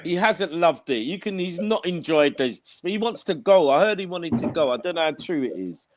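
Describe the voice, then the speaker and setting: A man's voice: a little high, normal speed, background noise. A young man co-hosting a football podcast, slangy and emphatic, repeating his points. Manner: animated, slangy, emphatic repetition. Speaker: podcast co-host. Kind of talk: casual football banter.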